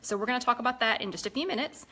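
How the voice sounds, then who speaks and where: Talking very fast in a bright, forceful, slightly high voice, a Southern US-accented woman hosts a live cooking stream. She rambles casually while cooking and plating food, and it sounds like she's in a home kitchen.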